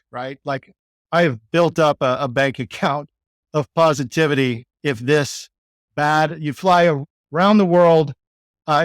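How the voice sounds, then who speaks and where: This podcast guest, a sales executive from Texas with a Texan accent, has a smooth, slightly high voice. The sound is clean studio audio with no echo, and his storytelling in the casual interview wanders loosely, full of "like" and "you know."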